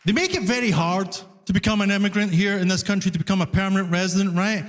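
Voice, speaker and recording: A Scottish man with a Glasgow accent performing a stand-up comedy set, telling self-mocking stories in an animated way on a live stage. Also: sits high, quick pace, slight background noise. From Scotland. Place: comedy club stage with audience. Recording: live stage with long reverb.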